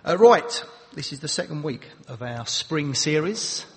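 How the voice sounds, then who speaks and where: Cockney preacher in a reverberant hall. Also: male voice, fairly high pitch, lively intonation, normal speed, hardly any pauses. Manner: chatty, with friendly asides to the congregation. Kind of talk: sermon with Bible reading. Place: church sanctuary. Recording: long reverb of a large hall.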